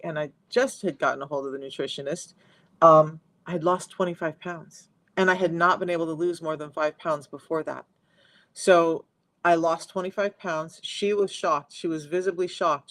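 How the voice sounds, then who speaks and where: A man working as a health coach, talking chattily and emphatically straight to viewers in a live-stream sales pitch mixed with personal testimony, into a close phone mic. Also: a bit bright, no echo.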